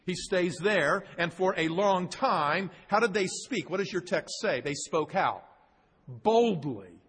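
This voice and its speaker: A man's voice: high voice, fairly bright tone. A male pastor preaching an expository sermon, who quizzes his congregation and repeats key words for emphasis. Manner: asks the congregation questions, emphatic repetition. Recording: long hall reverb, husky.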